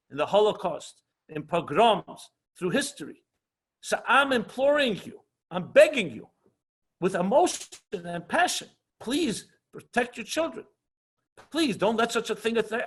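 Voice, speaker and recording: Husky high-voiced rabbi teaching. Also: male voice, a bit bright. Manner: earnest, passionate, often slows for emphasis; mixes Hebrew and Yiddish terms into English. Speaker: rabbi teaching an online class. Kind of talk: lecture with questions and answers.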